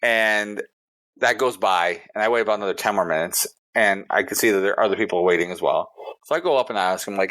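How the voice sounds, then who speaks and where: A man's voice: lowish voice, fast, a bit bright. A man co-hosting a casual podcast, telling a story in a heated, profane way. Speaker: podcast co-host.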